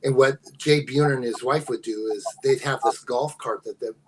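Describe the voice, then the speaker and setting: Older man telling stories, halting and unhurried. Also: medium pitch, noisy background. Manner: unhurried, halting, many fillers. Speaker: guest, host's father. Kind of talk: casual storytelling.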